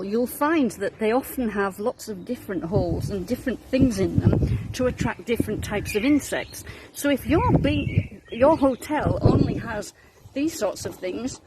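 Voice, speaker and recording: A woman with a Darlington accent explains things to children in a friendly, patient way. She is outdoors in her garden, with faint traffic passing in the background. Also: mid-range voice. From North East England. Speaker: minister.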